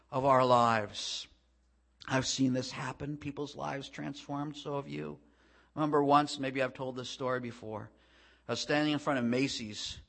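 A male preacher giving a sermon to a congregation, impassioned and swelling to loud climaxes before dropping to soft, quiet stretches. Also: mid-range voice. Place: room with a congregation.

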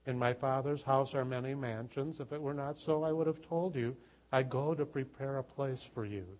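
A man preaching a sermon, reading scripture and explaining it, sometimes repeating words as he thinks, and rising to loud emphatic passages. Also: mid-range voice, low-quality recording.

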